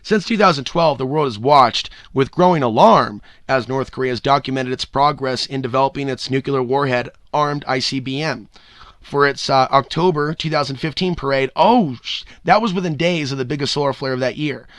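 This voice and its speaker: Bright, ranting podcast host, man. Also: medium pitch, moderate pace, no echo, studio quality. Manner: loose and ranting, swears, bursts into loud whoops. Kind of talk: solo podcast commentary.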